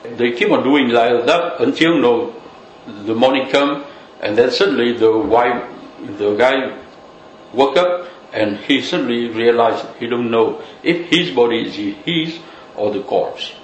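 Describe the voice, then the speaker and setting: A man's voice: mid-range voice, expressive, measured pace. A man giving a loose, conversational Buddhist teaching full of "you know" fillers. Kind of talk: dharma talk. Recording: echoey room with faint noise.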